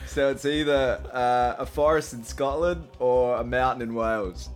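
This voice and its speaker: A man's voice: mid-range voice, normal speed, faint music behind. A young man co-hosting a podcast, running a quiz with casual banter and laughing often as he teases. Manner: laughs often while teasing.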